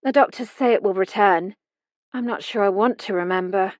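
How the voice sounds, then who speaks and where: A woman's voice: medium pitch, moderate pace, no echo, studio quality, natural voice. A woman voicing an injured young woman in a hospital bed, speaking weakly with forced nonchalance, in an audiobook. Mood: weak, guarded. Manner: weak, faintly nonchalant. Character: young Englishwoman, injured, weak and guarded.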